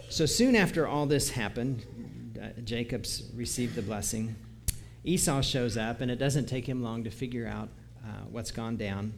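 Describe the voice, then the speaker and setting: A man delivers a sermon in an easy, conversational way, reading scripture aloud and chuckling lightly at his own asides. His voice sits in an ordinary middle pitch. A faint hiss of noise runs underneath. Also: normal speed, creaky. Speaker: preacher.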